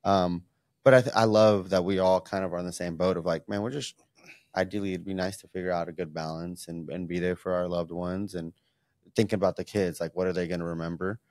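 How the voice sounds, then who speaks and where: A man with a very low voice talks in a loose, rambling way, often repeating words and playing out his own thoughts. He sounds like a casual podcast co-host. The sound is dry and close, with no room around it. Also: steady tone, a little fast, darkish tone, dry recording. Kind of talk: casual chat.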